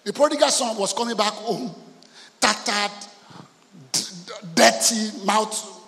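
A pastor with a high-pitched voice preaches a sermon in a big, echoing church hall. He tells stories and acts out the voices in them, dropping to soft, intimate lines and then rising to loud shouts. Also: measured pace, vocal fry. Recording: long hall reverb.

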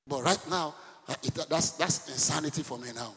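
A man preaching a sermon to a congregation, animated, quizzing his listeners and breaking into laughter and loud outbursts. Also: a little high, a little fast, few pauses. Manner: animated preaching, sudden shouts and laughs, asks the congregation questions. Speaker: pastor. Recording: long hall reverb.

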